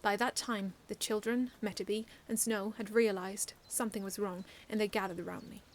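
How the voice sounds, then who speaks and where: A woman's voice: mid-range voice, moderate pace. Woman earnestly reading her own story. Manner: earnest, expressive reading with frequent restarts. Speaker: fan fiction author reading aloud. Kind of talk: first-person story reading.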